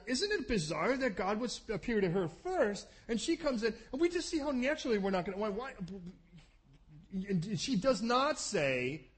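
A man preaching a sermon, telling the story in an animated way and acting out the scenes with quick asides to the congregation. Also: very high-pitched, slightly rough.

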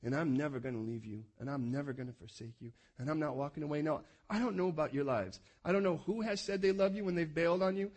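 A man preaching a passionate sermon as a pastor, swinging from loud urgent calls to quiet, soft prayer. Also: on the high side, fast talker, few pauses.

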